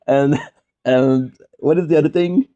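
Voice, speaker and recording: A man's voice: fairly high pitch, measured pace, mellow, dull audio. A man from Quebec, chatting casually and jokingly, drifting off on side tangents as a streamer. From Quebec, Canada. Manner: rambling, jokey, goes off on side tangents. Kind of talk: casual rambling monologue.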